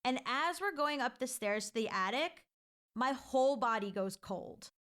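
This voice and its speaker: A woman's voice: high voice, measured pace, fairly bright tone, clean tone. A woman telling a personal ghost story in a chatty, casual way, full of filler likes and restarts.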